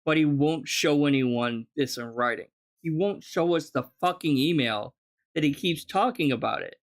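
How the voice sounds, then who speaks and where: A man's voice: fairly high pitch, normal speed. A man hosting a reaction stream, making sarcastic, swearing comments over a replayed video.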